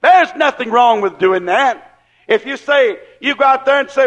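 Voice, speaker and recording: A man preaching a sermon in a fervent, folksy way, firing rhetorical questions at the congregation and rising into shouts. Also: extremely high pitch, normal speed, muffled recording. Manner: acts out quoted people in voices.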